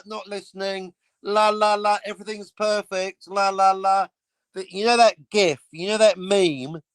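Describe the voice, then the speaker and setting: Man, livestream host, sarcastic rant, fairly high voice, dry close sound. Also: no echo, rough recording. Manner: sarcastic, ranting, swears freely. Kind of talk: casual livestream chat.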